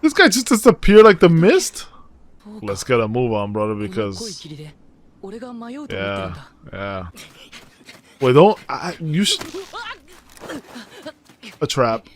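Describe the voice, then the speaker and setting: A man hosting a casual anime reaction, excitable and slangy, exclaiming at the screen. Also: mid-range voice, slow, long pauses. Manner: slangy, says dude and bro a lot. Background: anime audio playing faintly.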